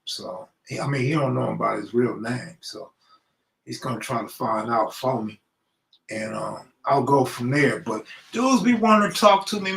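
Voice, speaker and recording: A man's voice: fairly high pitch, vocal fry, fairly bright tone, reverberant, rough recording. A man from Los Angeles hosting a casual live stream, greeting viewers by name and talking in loose street slang. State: out of breath. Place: room at home, alone.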